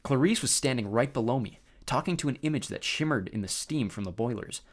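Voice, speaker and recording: Expressive male audiobook narrator, gravelly. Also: medium pitch, a little fast. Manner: expressive storytelling. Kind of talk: first-person audiobook narration.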